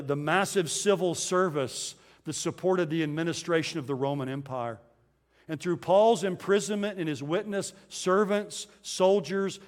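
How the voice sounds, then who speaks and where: A man with a somewhat high voice delivers a sermon from the pulpit. He speaks earnestly. He draws out the scripture he quotes slowly for emphasis. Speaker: pastor.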